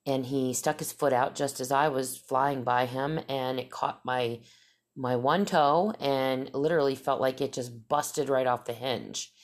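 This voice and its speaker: A middle-aged woman vlogger telling her viewers a story in a casual, rambling, emphatic way, with many restarts. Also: very deep voice.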